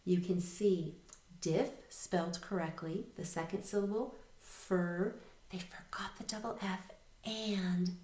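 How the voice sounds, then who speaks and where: A woman teacher giving a recorded reading lesson, patient and clear, spelling words slowly letter by letter. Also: fairly low pitch, darkish tone. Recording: roomy echo.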